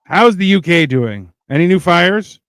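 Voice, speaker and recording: A laid-back man hosting a podcast, reading out viewer comments with wry, rambling asides. His voice sits somewhat high for a man. It is recorded close and dry, with no room sound. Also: animated, unhurried, fairly bright tone, no room sound. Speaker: podcast host. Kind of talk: casual chat reading live comments.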